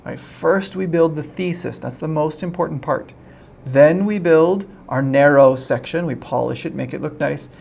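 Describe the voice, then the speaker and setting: Casual guy teaching english online, a bit high and gravelly, keeps saying right?, faint hiss behind. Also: normal speed, darkish tone. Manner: chatty, repeats "right?" to check in.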